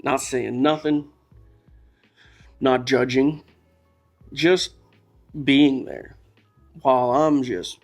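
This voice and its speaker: Faint music plays behind a podcast guest, possibly a man, whose medium-pitched voice is extremely slow with frequent pauses. He shares a candid, emotional personal story, rambling and starting over as he goes.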